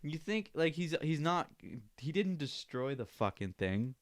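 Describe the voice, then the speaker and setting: A man's voice: fairly high pitch, very animated, a little slow, no room sound. A young man hosting a podcast in casual chat, rambling, laughing often and swearing freely. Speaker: podcast host.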